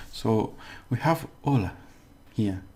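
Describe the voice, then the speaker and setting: A man giving a casual language lesson, explaining slowly and repeating words, with many fillers. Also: fairly low pitch, darkish tone, slight background noise. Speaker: language teacher.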